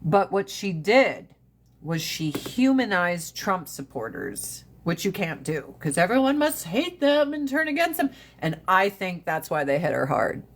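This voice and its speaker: A woman's voice: lowish voice, unhurried, slight background noise. Blunt, foul-mouthed woman livestreaming. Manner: blunt, profane and animated. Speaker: livestream host. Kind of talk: casual livestream chat.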